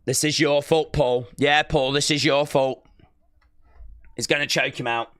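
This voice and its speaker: A man hosts a live reaction stream with a bright, forward voice. He lingers over his words and repeats his points, then bursts into shouts at the big moments. The sound is dry and close. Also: a little high, unhurried, clear, resonant tone, no echo. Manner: excitable, shouts counts and moves, repeats himself. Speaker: live-stream watch-along host. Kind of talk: excited live reaction commentary.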